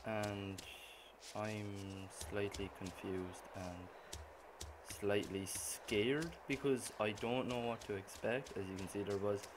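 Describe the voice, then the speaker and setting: A young man giving profane gameplay commentary, muttering to himself and then suddenly yelling. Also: on the low side, steady tone, slow pace. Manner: swears constantly, muttering that bursts into sudden yells. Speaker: gaming channel host. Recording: noisy gameplay recording.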